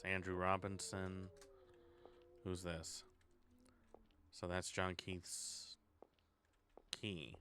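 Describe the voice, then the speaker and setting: Deep-voiced guy streaming a horror game, snarky and cussing, muttering to himself. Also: pushed and bright, a little hiss or hum. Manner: sarcastic, swearing, thinks aloud. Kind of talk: casual horror game let's play.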